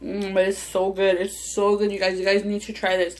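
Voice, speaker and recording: A woman's voice: mid-range voice, completely flat delivery, brisk. Young woman telling a profane story while eating. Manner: profane, heated anecdote with many restarts. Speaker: mukbang vlogger.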